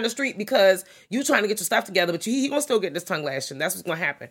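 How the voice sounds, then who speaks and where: A woman's voice: mid-range voice, animated, very fast, few pauses, a bit bright, breathy edge. A woman co-hosting a podcast, chatting casually and profanely about a horror movie and acting out the characters' lines. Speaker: podcast co-host. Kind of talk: casual movie-review chat.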